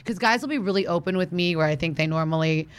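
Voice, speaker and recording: A woman chats quickly and casually, her sentences strung together with "like". Her voice sits low for a woman, and she keeps a brisk pace. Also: smooth. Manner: chatty, uses "like" a lot. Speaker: guest. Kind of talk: casual chat.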